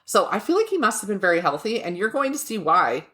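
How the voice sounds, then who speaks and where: A woman's voice: mid-range voice, big pitch swings, quick pace, fairly bright tone. A woman co-hosting a podcast from the United States, telling a story in a casual, joking way, cursing now and then. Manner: chatty, laughing, swears casually, jokes about pronunciation. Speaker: podcast co-host.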